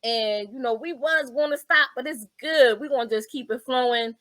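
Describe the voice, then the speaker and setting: Animated woman telling a family story. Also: sits high, normal speed, dry recording, studio quality. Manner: animated, acts out family members' voices while telling a story. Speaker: podcast co-host. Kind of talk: casual storytelling among siblings. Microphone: video call.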